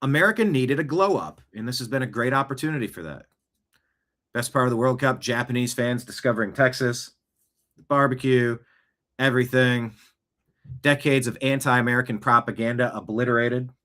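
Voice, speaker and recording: A man's voice: medium pitch, moderate pace, a bit bright. Male host, casual rambling political commentary, talks off the cuff with asides. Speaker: show host. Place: home studio, seated.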